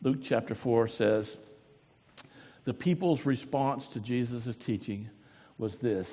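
A husky-voiced man preaches a slow, deliberate sermon in a church sanctuary, his words trailing off into a long hall reverb. He swings from booming emphasis down to near-hushed lines, stretching out key words. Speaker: pastor.

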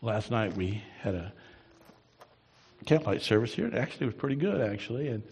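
Gravelly pastor preaching in a hall. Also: male voice, on the low side, big pitch swings, brisk, slight background noise. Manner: storytelling, swings from soft to loud emphatic bursts. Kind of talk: sermon. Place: church. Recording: long reverb in a hall.

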